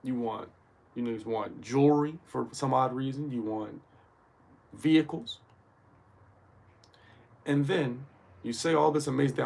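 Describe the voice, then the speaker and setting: A man's voice: mid-range voice, unhurried, vocal fry, pauses often, a little mellow. A man hosting a casual livestream motivational talk, slangy and profane, who keeps checking in with his listeners. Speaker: host.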